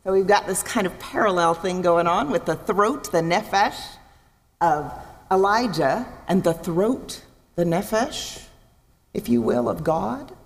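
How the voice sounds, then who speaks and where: A woman preaching a sermon in a church, expressive, acting out voices and asking her listeners questions. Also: mid-range voice, measured pace, creaky. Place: church sanctuary. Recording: long reverb in a large hall.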